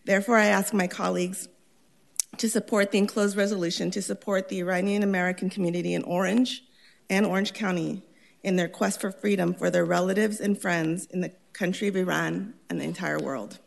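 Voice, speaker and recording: A woman council member reading a prepared statement in a measured, formal way. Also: lowish voice, steady tone, vocal fry.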